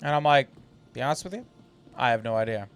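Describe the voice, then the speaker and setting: A man streaming a space game, chatting casually and reading ship descriptions aloud in a relaxed, slightly halting way. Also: mid-range voice, smooth, soft background music.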